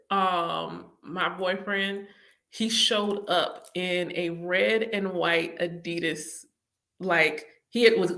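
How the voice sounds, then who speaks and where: Bright-voiced woman telling animated stories. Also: mid-range voice. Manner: animated, laughs often, acts out her own reactions. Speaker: channel host. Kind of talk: casual personal storytelling.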